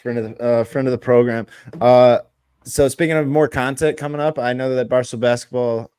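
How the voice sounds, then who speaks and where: A man's voice: medium pitch, fairly even intonation, brisk, darkish tone, clean tone, no echo. A man co-hosting a podcast in casual chat, asking the guest questions in a loose, hesitant way. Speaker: podcast co-host.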